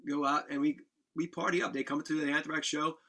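Gravelly, bright-voiced man telling a rowdy story. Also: on the high side, fairly quick. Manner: animated, swearing, laughing storyteller. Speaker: podcast guest, musician. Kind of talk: casual storytelling.

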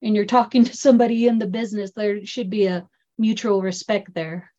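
A woman's voice: medium pitch, fairly even intonation, brisk, warm tone. Dry-toned woman co-host, muffled sound. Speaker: podcast co-host. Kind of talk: casual chat.

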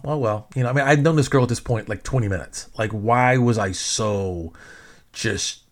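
A middle-aged man casually telling a personal story in a rambling, self-mocking way, swearing freely. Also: on the low side.

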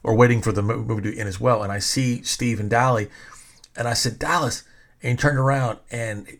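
A man's voice: medium pitch, steady tone, a little fast. A middle-aged man telling stories in a casual, rambling way, with lots of swearing, restarts and quoted voices. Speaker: storyteller recalling wrestling events. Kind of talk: casual storytelling.

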